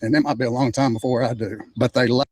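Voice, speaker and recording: An older man calmly recounting his own arrest, measured and steady, still hurt by it. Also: medium pitch. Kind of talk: personal account.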